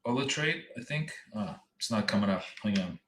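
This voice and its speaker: A man's voice: lowish voice, expressive, normal speed, background noise. A man hosting a live trading stream, chatting casually and rambling as he talks straight to his viewers. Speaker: trading coach and stream host. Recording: echoey room.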